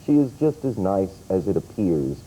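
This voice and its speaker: A man's voice: deep voice, sing-song, moderate pace, dark tone, a little hiss or hum, poor audio. A man working as a TV news reporter, chatting in a conversational way in an interview and in the studio.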